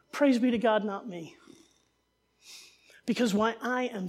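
A woman from New Jersey giving a sermon, telling a family story with jokey asides and animated delivery. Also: a little high, a little slow, long pauses. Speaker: preacher.

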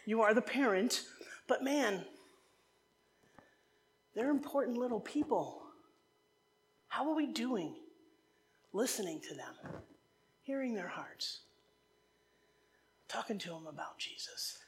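A woman from New Jersey gives a sermon in a chatty, animated way. She wanders into humorous side stories and then finds her way back to the text. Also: fairly high pitch, takes it slowly, pauses often, a little hiss or hum. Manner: animated, conversational, digressive with humor. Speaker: preacher.

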